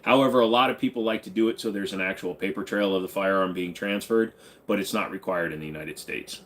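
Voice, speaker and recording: A man hosting a casual livestream, reading viewer questions aloud and answering them in a relaxed, rambling, joking way. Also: low-pitched, quick pace. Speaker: livestream host answering chat.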